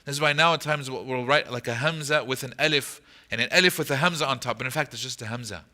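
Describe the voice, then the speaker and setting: A man teaching a class on a Quran chapter in a mosque. He explains step by step, quizzes his listeners and slips into short Arabic recitations. His voice is very bright and sits at a middle pitch. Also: fast. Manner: explanatory, asks the audience rhetorical questions. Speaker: imam teaching Quran commentary. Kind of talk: lecture to an audience.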